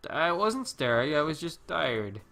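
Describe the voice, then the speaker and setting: A man's voice: fairly high pitch, sing-song, measured pace, gravelly, bright, forceful tone. A man co-hosting a let's play, reading visual novel dialogue in a laid-back, hesitant way.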